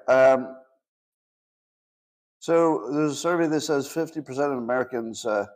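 A man in his sixties hosts a solo commentary show in a loose, conversational way. He speaks at a middling pitch and leans on sarcasm, firing off rhetorical questions and answering them himself. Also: a little mellow. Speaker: host.

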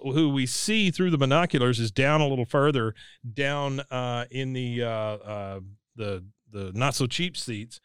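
A podcast co-host casually recaps a cartoon episode, retelling scenes and acting out the characters' lines in high voices. He speaks unhurriedly with a clean, slightly bright tone, in studio-quality audio with no room sound.

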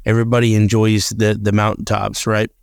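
A man's voice: on the low side, completely flat delivery, brisk, creaky, clear, resonant tone, no room sound, clean studio sound. A man co-hosting a podcast, talking earnestly about faith and reading scripture aloud, often repeating and restarting his words. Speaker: podcast co-host.

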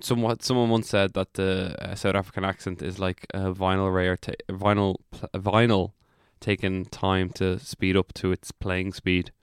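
A man's voice: low-pitched, moderate pace, hardly any pauses, clean tone, dry recording, studio quality. A man co-hosting a comedy podcast, telling stories with lots of self-correction in casual chat. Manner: animated storyteller, laughs easily, self-correcting. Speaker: podcast co-host.

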